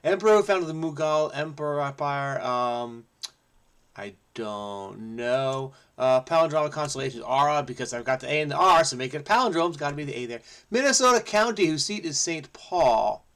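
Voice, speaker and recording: A man hosting a crossword video, thinking aloud as he solves, playful and energetic, muttering to himself between clues. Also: medium pitch, normal speed, clear, resonant tone. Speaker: crossword solving channel host. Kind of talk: thinking aloud while solving a puzzle.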